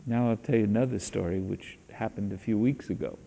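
A man giving a spiritual teaching talk, telling stories in a slow, deliberate way, in an echoey hall. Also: lowish voice, vocal fry, dark tone.

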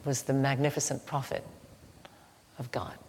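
A woman giving a slow, halting devotional teaching with a story, soft-spoken, recorded in an echoey hall with faint ambient noise. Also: a bass voice, little pitch movement. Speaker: spiritual teacher.

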